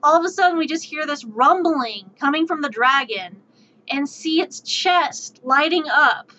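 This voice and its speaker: A woman streamer telling a tabletop game story in an animated, exasperated way, swearing freely, on dull lo-fi stream audio. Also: high-pitched, a little slow.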